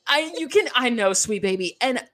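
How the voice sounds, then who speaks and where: A young woman hosting a podcast in casual chat, animated and gossipy, acting out quotes in jumpy voices. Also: moderate pace. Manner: animated, gossipy, acts out quotes with pitch jumps. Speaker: podcast host.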